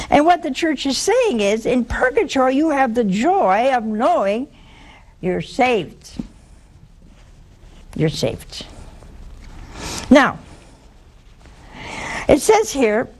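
An older woman giving a Catholic teaching talk to a live audience, telling stories with animated emphasis and dramatic pauses. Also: on the high side. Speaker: religious teacher.

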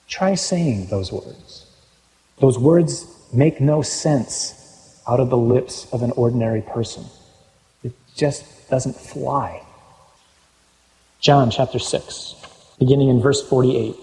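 A man preaching a sermon, reading scripture aloud and commenting on it with wry, animated asides. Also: mid-range voice, normal speed. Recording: long hall reverb.

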